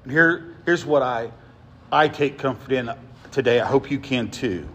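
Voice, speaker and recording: A man preaching a sermon as pastor, swinging from emphatic lines to soft, hushed ones and often asking his listeners "right?". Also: mid-range voice, unhurried, a little hiss or hum.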